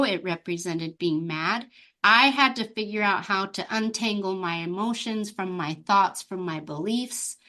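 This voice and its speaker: Here is an open, bubbly woman speaking as a guest on a podcast. She is a life coach, and her voice sits at an ordinary middle pitch for a woman. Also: pushed and bright. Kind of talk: podcast interview.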